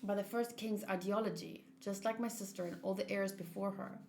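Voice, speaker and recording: A woman voicing a solemn, pious older father who speaks softly. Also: medium pitch, steady tone, a little fast, creaky, a little hiss or hum, lightly acted. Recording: roomy echo.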